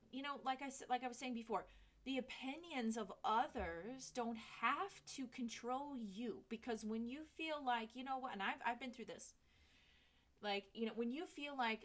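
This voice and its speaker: A woman in her thirties giving a casual tarot reading, chatty and candid, swearing freely. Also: on the high side. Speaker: tarot reader.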